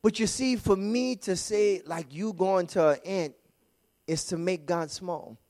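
A man preaching a sermon in a church, calling out to the congregation and swinging from soft, low asides to loud shouts. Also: a little slow. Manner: fervent call-and-response preaching, swings from quiet to shouting. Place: church sanctuary.

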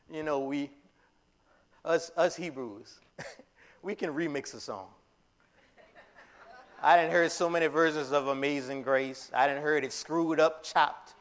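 A man preaching a sermon in a casual, conversational way, full of fillers and restarts, breaking into loud emphatic lines. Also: on the high side.

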